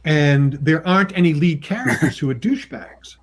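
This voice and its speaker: A chatty man tells casual anecdotes as a guest; he's a comic book writer and artist. His husky voice has lively intonation at a moderate pace, and he laughs often between remarks while acting out quoted people with pitch jumps.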